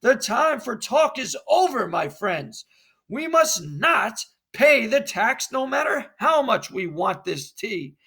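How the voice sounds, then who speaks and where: A man's voice: very high voice, very animated, takes it slowly, vocal fry, bright, forceful tone, breathy edge, voice pushed up, heavily acted. A man voicing a fired-up colonist spectator who urges his friends to refuse a tax. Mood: rousing. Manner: rousing, urgent. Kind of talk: classroom role-play reading.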